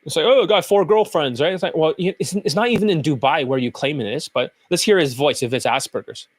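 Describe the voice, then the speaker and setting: A man's voice: fairly high pitch, fast talker, dry recording. A man hosting his own channel as a dating coach, giving blunt, profane, combative commentary over clips.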